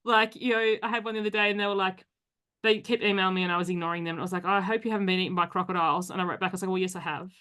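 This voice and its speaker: A woman hosting a podcast interview, talking casually with quick asides and frequent laughter. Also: medium pitch, steady tone, a bit bright. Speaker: podcast host.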